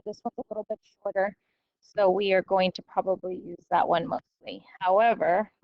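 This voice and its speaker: A woman teacher explaining a math lesson step by step, often pausing to check with "okay?". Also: medium pitch, no room sound, dull audio. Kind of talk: recorded classroom lecture.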